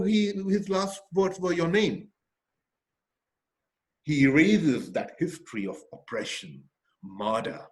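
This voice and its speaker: A male lecturer giving a literature lecture. He speaks with emphasis, asks rhetorical questions, often checks in with "okay?", and restarts some phrases while he thinks. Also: fairly high pitch.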